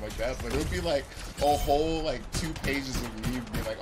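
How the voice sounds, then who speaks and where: A man's voice: mid-range voice, brisk, hardly any pauses, over music. A young man hosting a gaming stream, rambling through stories and swearing freely in casual chat. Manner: rambling storyteller, swears a lot. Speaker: streamer host. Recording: loud background noise.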